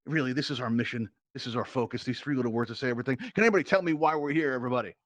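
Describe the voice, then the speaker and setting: A man hosts a live game show in a virtual reality social app, an upbeat showman pumping up the crowd through his headset mic. His voice is medium in pitch and he talks at a racing pace.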